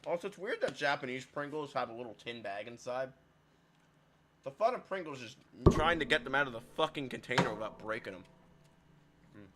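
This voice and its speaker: A man's voice: mid-range voice, animated, fairly quick, background noise. A man chatting casually and jokingly, swearing freely while playing a visual novel with a friend.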